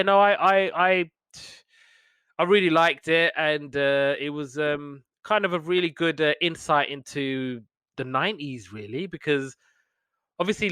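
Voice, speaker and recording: A man in his thirties co-hosting a podcast, chatting casually and halting with frequent restarts. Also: on the high side, a bit bright, smooth, no room sound. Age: 30s. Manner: halting, hesitant, restarts often. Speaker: podcast co-host. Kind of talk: casual chat.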